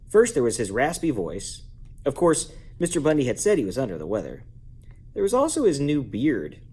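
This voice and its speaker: A man reading a children's book aloud at bedtime at home, lively and playful, jumping up in pitch to give each character a voice. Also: slightly rough. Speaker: parent reading a bedtime story. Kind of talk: bedtime story read-aloud.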